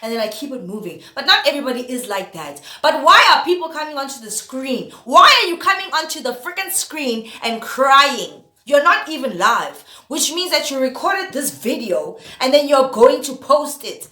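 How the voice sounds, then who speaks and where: A high-voiced woman rants straight to camera, her pitch swinging widely as she piles on exasperated rhetorical questions. Her tone is bright and cutting, and the sound rings with a noticeable roomy echo. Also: very animated, moderate pace, few pauses. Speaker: vlogger host. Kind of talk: opinion rant to camera.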